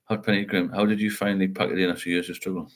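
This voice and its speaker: Low-voiced rambling man. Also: level tone, racing. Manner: rambling, reads out viewer comments. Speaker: livestream host. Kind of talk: casual livestream chat.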